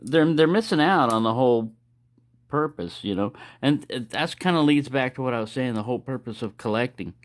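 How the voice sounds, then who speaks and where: A man's voice: medium pitch, animated, fairly quick. A man casually showing his knife collection to his camera, rambling with restarts and asides. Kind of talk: casual show-and-tell vlog.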